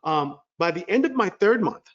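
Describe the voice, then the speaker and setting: A middle-aged man presenting an online class, telling a story to viewers with excited energy. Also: sits high, normal speed, lo-fi sound. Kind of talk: webinar sales pitch.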